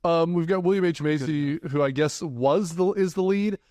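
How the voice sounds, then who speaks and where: A man's voice: fairly high pitch, moderate pace, darkish tone, no room sound. A man hosts a casual movie podcast with a slightly raised voice. He rambles, hesitates and laughs along the way. The sound is dry and close, with no room around it. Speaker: podcast host.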